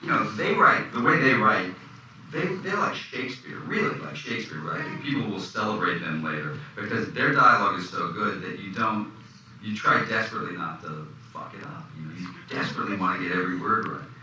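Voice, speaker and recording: A low-pitched man tells stories in a lively, swooping voice, acting out the lines he quotes. He is picked up from a distance in a very echoey room. A steady noise runs underneath. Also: a little fast. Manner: animated storyteller, acts out quotes. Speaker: actor, interview guest. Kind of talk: anecdotal interview storytelling.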